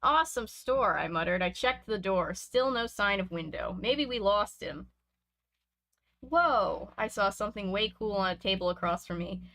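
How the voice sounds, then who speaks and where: A woman from Canada reads a spooky children's book aloud at home, her voice bright and clear. She gives the story a lively, expressive read and stops for casual chatty asides between passages. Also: mid-range voice, moderate pace, hardly any pauses. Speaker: reader and streamer. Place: home room with bookshelves.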